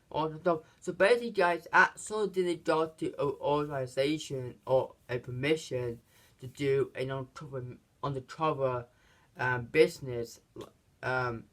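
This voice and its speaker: A man giving a casual, rambling movie recap, halting often and restarting his sentences. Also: fairly high pitch. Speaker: movie reviewer.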